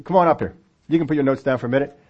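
Talking very fast at a medium pitch, a pastor delivers a conversational sermon, dramatizing the voices of the story's characters for a congregation with children present in the sanctuary. The recording has its highs cut off.

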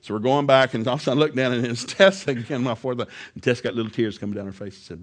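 A middle-aged male preacher telling a humorous story in a sermon, animated, laughing often and acting out the voices of people he quotes. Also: mid-range voice, racing.

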